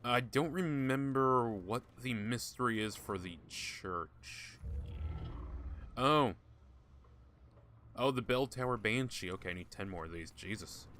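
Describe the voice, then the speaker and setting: A man's voice: mid-range voice, pushed and bright, a little hiss or hum. A man giving casual gameplay commentary, joking, swearing often and talking to game characters. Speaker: gaming YouTuber.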